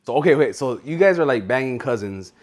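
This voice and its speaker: A man's voice: mid-range voice, lively intonation, fairly quick, darkish tone. A man hosting a podcast, chatting casually and jumping in with eager follow-up questions. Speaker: podcast host. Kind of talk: casual chat.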